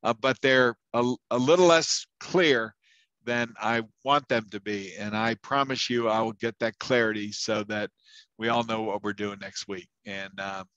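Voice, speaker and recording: A man's voice: mid-range voice, fairly bright tone, no room sound, lo-fi sound. A man teaching a university class, telling anecdotes in a casual, chatty way with many fillers and restarts. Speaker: university instructor. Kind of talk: casual lecture storytelling.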